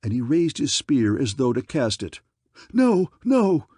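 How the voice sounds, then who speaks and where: A man narrating an adventure novel as an audiobook in a measured, even way. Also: medium pitch, slightly rough, no echo, clean studio sound.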